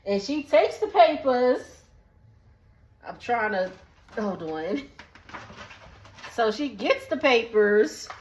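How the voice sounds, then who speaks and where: A woman's voice: on the high side, very animated, slow pace, pauses often, a little hiss or hum. A young woman casually recapping a reality show, slangy and laughing often as she retells the drama.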